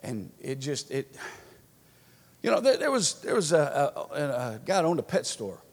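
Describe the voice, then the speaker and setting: Fervent preacher in an echoing church. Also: male voice, on the high side, big pitch swings, moderate pace, husky. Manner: folksy storytelling, repeats and restarts, building to fervent exhortation. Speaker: pastor. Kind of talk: sermon. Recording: long church-hall reverb.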